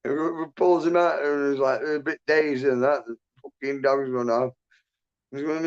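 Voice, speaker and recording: A man's voice: medium pitch, steady tone, moderate pace, clean tone, dull audio. A man hosting a livestream, telling a rambling story in casual chat, swearing constantly and laughing as he goes. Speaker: livestream host.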